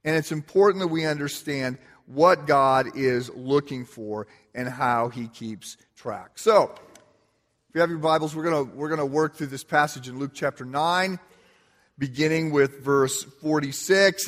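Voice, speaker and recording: Pastor telling a story in a reverberant hall. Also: male voice, mid-range voice, moderate pace, a bit bright. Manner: conversational storytelling, self-deprecating humor. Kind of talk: sermon opening with a personal story. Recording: long reverb of a large hall.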